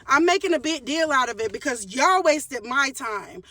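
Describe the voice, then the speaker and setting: High bright-voiced woman ranting emphatically. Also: lively intonation, measured pace, few pauses, far from the mic, slight background noise. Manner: emphatic, repeats phrases, restarts often. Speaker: vlogger telling a story. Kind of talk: casual storytime rant to camera.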